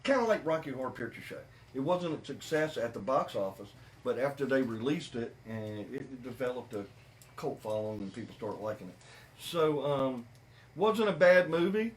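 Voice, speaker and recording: A man hosting a podcast, chatting casually about a movie with animated, repetitive emphasis. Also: medium pitch, normal speed, slight background noise. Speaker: podcast host. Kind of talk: casual movie review chat.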